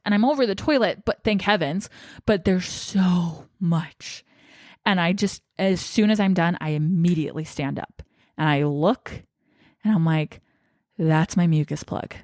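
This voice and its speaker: Young woman vlogger, candid and emotional, a slightly low voice, close and dry. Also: a little mellow, dry recording. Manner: emotional, shaky and tearful at times. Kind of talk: personal storytelling.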